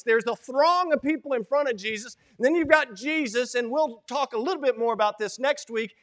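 A man preaching a sermon as pastor. He moves from a quiet prayer into animated teaching that rises to loud quoted cries. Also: extremely high pitch, normal speed, few pauses. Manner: opens with a prayer, then preaches in an animated way, rising to shouted quotes.

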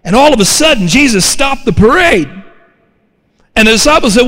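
High-voiced preacher man, swoops all over, big church reverb. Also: normal speed. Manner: animated preaching with call-outs to the congregation. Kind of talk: sermon. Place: church sanctuary. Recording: long hall reverb.

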